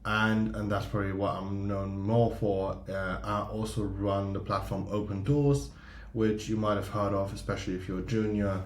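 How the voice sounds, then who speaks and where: Man, guest reviewer, relaxed and hesitant, low voice, echoey room. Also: normal speed. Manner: relaxed, hesitant, many ums. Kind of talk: casual explanation. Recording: echoey room with faint noise.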